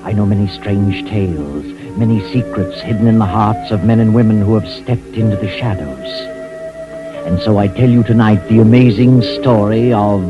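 Actor as a sinister 1940s radio storyteller, low and slow, lo-fi with music bed. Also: male voice, natural voice. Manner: slow, ominous, deliberate. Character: mysterious all-knowing male night-walking storyteller. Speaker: narrator. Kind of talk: 1940s radio drama narration. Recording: dull old radio recording with music.

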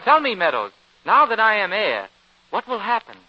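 A man's voice: high voice, huge pitch swings, moderate pace. A man playing a prim, naive boy heir in a sing-song manner, in 1940s radio comedy. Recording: dull old radio recording with faint hiss.

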